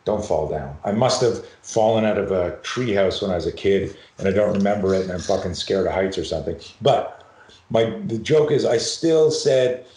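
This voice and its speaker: Low-voiced man telling stories in an echoey room. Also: moderate pace. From Canada. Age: middle-aged. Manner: animated, profane, acts out voices in his anecdotes. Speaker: podcast guest, self-defense and fear expert. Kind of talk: storytelling in a podcast conversation.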